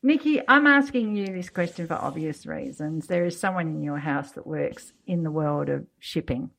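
A middle-aged woman co-hosting a relaxed chat. Her voice sits a little low, and she tells family anecdotes with frequent laughter. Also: normal speed, creaky, poor audio. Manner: chatty storyteller, laughs often. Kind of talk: casual chat.

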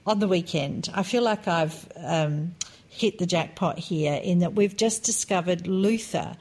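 Chatty woman podcast co-host, low voice. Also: a little slow. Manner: chatty, animated storytelling. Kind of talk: casual chat.

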